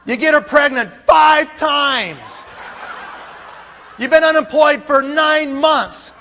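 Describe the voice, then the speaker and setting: A man voicing a furious, gruff older father-in-law who bursts out indignantly, heard in a reverberant hall. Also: extremely high pitch, animated, slow pace, pushed and bright, slight background noise, exaggerated voice.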